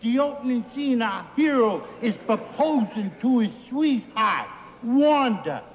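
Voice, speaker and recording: A man's voice: very high voice, animated, measured pace, dull audio, exaggerated voice. An actor playing a goofy, simple-minded man who tells silly jokes in a giggly, sing-song way, from a 1960s TV comedy sketch. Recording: old broadcast with reverb and hiss.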